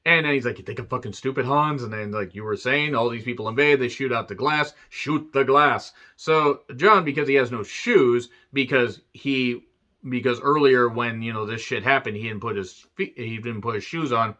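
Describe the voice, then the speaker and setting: A man's voice: mid-range voice, moderate pace, bright, forceful tone, lo-fi sound. A man casually recapping a movie plot, rambling with profane jokes and lots of fillers. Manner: profane, joking asides, many fillers. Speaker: movie reviewer.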